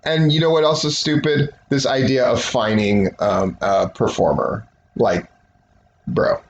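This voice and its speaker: A man's voice: medium pitch, fairly even intonation, a little slow, creaky. A man hosting a casual solo commentary show, talking in a sarcastic, rambling, jokey way. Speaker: wrestling podcast host. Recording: roomy, dull recording with faint hiss.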